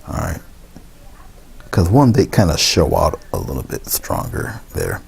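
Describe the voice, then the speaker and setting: Low gravelly man teaching painting. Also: normal speed. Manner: relaxed, thinking aloud with many fillers and restarts. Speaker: painting instructor. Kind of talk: casual painting tutorial.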